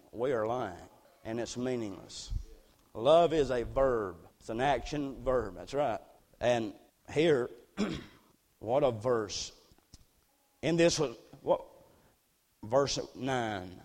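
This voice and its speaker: A man preaching a sermon in a church, moving from quiet reflection to shouted fervor. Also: fairly high pitch, in a large hall.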